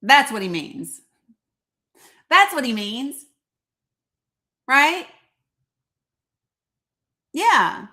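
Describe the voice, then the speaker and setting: A woman's voice: high voice, big pitch swings, drawn-out words, pauses often, bright, forceful tone. A woman with an East Tennessee accent hosting live political commentary, blunt, sarcastic and profane. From Northeast Tennessee. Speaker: live show host.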